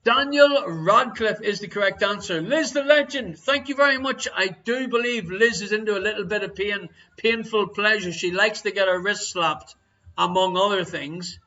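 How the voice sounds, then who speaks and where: High, bright-voiced Irish quiz host. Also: male voice, normal speed, muffled recording. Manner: jokey, teasing banter with viewers. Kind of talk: live-streamed quiz hosting.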